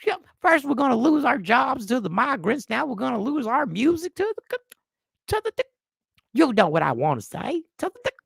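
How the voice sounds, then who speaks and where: A man's voice: very high voice, big pitch swings, moderate pace, vocal fry, fairly bright tone, breathy edge, no echo, studio quality, pitched above the performer's own voice, heavily acted. A man putting on a ranting bigoted Texan. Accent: put-on Southern drawl. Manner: mocking, exaggerated drawl. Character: bigoted male Texan bar regular, ranting.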